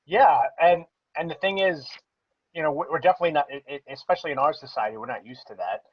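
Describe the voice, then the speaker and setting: Podcast co-host, male, fairly high voice, dry close sound, talks in long restarting explanations. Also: fast, breathy edge, no echo, lo-fi sound. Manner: explains at length with many restarts. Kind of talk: casual podcast chat.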